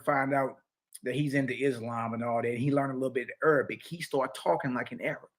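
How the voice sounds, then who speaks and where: Man, high voice, scripture lecture, taunting, slangy, repeats himself for emphasis. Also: fairly bright tone. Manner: mocking, confrontational, slangy; repeats key phrases for emphasis. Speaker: religious teacher.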